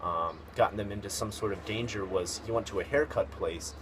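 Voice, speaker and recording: Male host with a lowish voice, loose rambling storyteller full of ums and uhs, noisy background. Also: fairly quick. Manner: rambling, hesitant, many fillers and restarts. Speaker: video host. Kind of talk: casual storytelling commentary. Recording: noticeable background noise.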